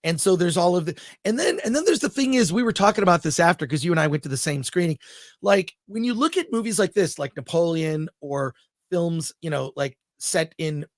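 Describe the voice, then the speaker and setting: A man's voice: a little high, expressive, fairly quick, no echo, clean studio sound. Rambling, enthusiastic male film reviewer. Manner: enthusiastic, rambling, thinks aloud. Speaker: film review show host. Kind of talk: casual film review chat.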